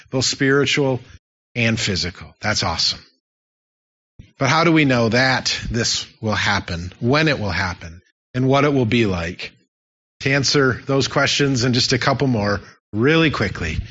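A man's voice: medium pitch, fairly bright tone. A man preaching a sermon as pastor, emphatic and repeating his key phrases for effect. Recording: dull lo-fi sound.

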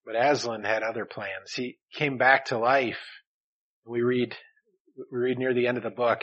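A man preaching a sermon earnestly, rising in volume on key phrases and dropping softly at the ends of lines. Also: medium pitch, fairly even intonation, normal speed, lo-fi sound. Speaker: pastor.

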